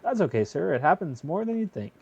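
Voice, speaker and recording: A man voicing a calm male emergency dispatcher who asks steady, procedural questions over a phone call. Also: fairly high pitch, fast, creaky, slightly rough, heavily acted.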